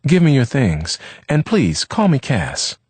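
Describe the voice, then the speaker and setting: A man voicing a gentle woman hostess who welcomes a guest and tries to reassure her. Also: mid-range voice, huge pitch swings, breathy edge, no echo, voice pushed up, full character voice. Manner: kind, hurried.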